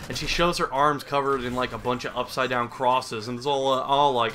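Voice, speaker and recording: A man's voice: mid-range voice, little pitch movement, a little fast, hardly any pauses, bright, forceful tone, a little hiss or hum. A young man giving crude, sarcastic comedic commentary over gameplay, rambling and mocking as he goes. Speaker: gaming commentator.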